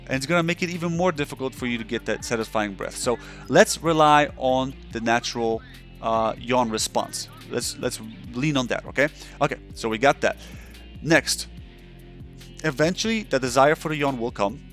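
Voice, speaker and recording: A man's voice: mid-range voice, a bit bright. Man explaining on webcam, faint music. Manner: loose and conversational, often checking in with "right?" and "okay?". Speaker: counselor. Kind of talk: instructional explanation.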